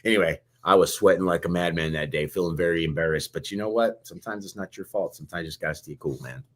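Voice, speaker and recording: A man's voice: deep voice, quick pace, fairly bright tone. A man co-hosting a live podcast, talking in a laid-back, casual way. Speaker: podcast co-host.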